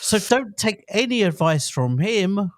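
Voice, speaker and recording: A man's voice: sits high, big pitch swings, a little slow, no room sound, clean studio sound. A middle-aged man from England co-hosting a podcast in a playful, jokey, casual chat. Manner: jokey, playful, breaks into song. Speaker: podcast co-host.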